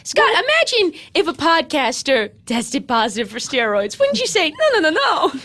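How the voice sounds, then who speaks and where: A woman's voice: high voice, huge pitch swings, moderate pace, a bit bright, full character voice. A woman playing a defensive Olympic athlete character who slips toward a French accent when emotional. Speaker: improvised character guest.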